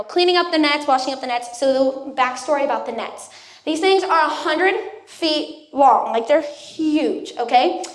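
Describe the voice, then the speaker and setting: A young woman giving a youth sermon, telling a personal story in a casual way and acting out what people said. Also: high-pitched. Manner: casual storytelling, acts out quotes. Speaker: youth speaker. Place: church youth room. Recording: echoey room.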